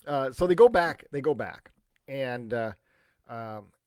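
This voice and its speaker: Chatty pastor, dry close sound. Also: male voice, mid-range voice, animated, slow pace, darkish tone, no room sound. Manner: conversational, retells scripture with chatty asides. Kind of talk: casual Bible teaching.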